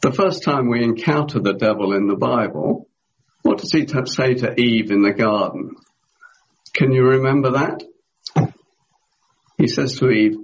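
A man preaching a sermon in a measured way, often asking his listeners rhetorical questions. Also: medium pitch, dull audio.

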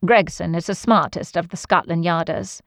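A woman's voice: fairly low pitch, steady tone, moderate pace, a bit bright, dry recording, clean studio sound. A woman voicing Sherlock Holmes, an aloof Victorian detective, in a cool, offhand, lecturing manner.

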